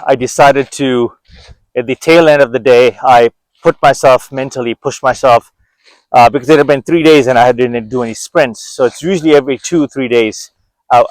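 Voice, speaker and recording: A man's voice: medium pitch, no echo, poor audio. A middle-aged man talking casually to camera as a fitness vlogger while walking outdoors, rambling and self-motivating with many restarts.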